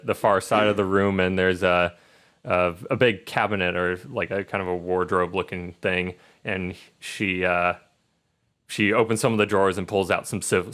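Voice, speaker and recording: A man narrating as game master of a tabletop game, relaxed and halting with many fillers. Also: low voice.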